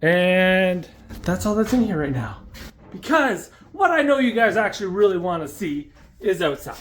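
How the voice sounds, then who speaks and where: A man's voice: high voice, very animated, normal speed, a little hiss or hum. A man vlogging casually from his home garage, rambling and self-deprecating, stumbling over his words. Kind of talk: casual vlog chat.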